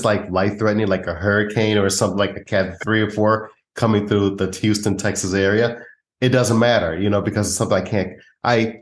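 A man hosting a podcast, affirming his guest in friendly, rambling talk. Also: lowish voice. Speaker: podcast host. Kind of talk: casual interview talk. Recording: echoey room.

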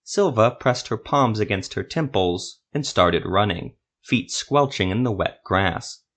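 A man narrating a fantasy story in a steady, measured storytelling voice. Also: lowish voice.

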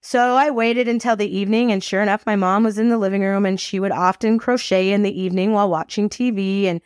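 A woman hosting a faith podcast, telling a personal story in a lively, expressive, casual way. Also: medium pitch, fast, clean tone, dry recording, clean studio sound. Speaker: podcast host. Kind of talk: faith-based storytelling talk.

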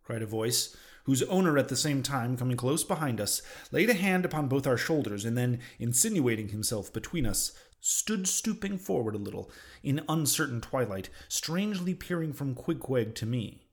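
A man narrating a classic novel as an audiobook, in a measured reading style that drops low on speech tags. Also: expressive.

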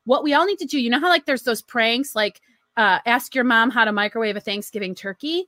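A woman's voice: on the high side, a little fast, sharp tone, no room sound, studio quality. A middle-aged woman co-hosting a casual chat show, playful and teasing, reading out listener comments and laughing easily. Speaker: podcast co-host.

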